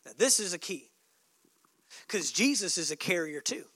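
Pastor guy preaching, really high bright voice, dry close sound, punchy then drops quiet. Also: very animated, normal speed, breathy edge, dry recording. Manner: emphatic preaching with sudden soft drops and joking asides. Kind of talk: sermon.

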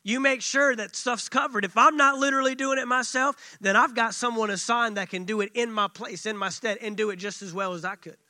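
A man's voice: extremely high pitch, a little fast, few pauses, pushed and bright, no echo. A man preaching a sermon as pastor. He speaks emphatically and repeats phrases for weight. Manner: emphatic, repetitive preaching with acted quotes.

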